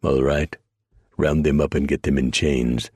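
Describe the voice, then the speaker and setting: A domineering centurion talks in a deep, husky Southern drawl, full of contempt and menace, as a male narrator plays him. The reading is dry and close to the mic. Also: steady tone, unhurried, darkish tone, dry recording, heavily acted. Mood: menacing.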